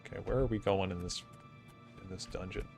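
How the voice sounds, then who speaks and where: Chatty, low-voiced male streamer. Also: steady tone, brisk, vocal fry, darkish tone, faint music behind. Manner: rambling, chatty, with fillers and asides. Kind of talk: casual gaming commentary.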